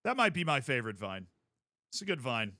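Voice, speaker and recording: A man streaming a game, chatting casually in a rambling, jokey way with sudden loud outbursts. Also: medium pitch, very animated, fairly quick, dry recording.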